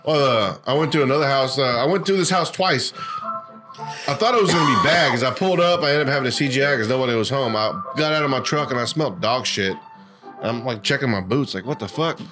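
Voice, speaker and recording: A male podcast co-host talks fast in a mid-range voice over music, telling crude work stories. He is casual, profane, and animated, acting out what people said.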